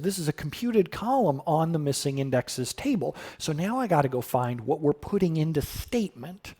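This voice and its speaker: A man's voice: fairly high pitch, warm tone, slightly rough. A middle-aged man live coding on a stream, thinking aloud casually with sudden surprised exclamations and answering chat questions.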